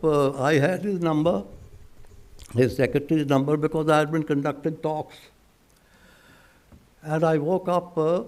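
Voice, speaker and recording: A man's voice: on the high side, darkish tone. Older Indian man telling an anecdote. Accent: Indian English. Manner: chuckling, halting, acts out quoted dialogue. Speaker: retired diplomat on a book panel. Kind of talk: anecdotal storytelling at a panel discussion.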